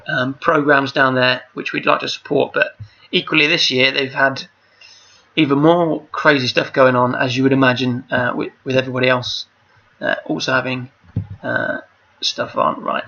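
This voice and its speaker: A man's voice: fairly high pitch, pushed and bright. A man hosting a charity quiz over a video call, chatty and rambling, reading out each question twice. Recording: dull lo-fi call audio.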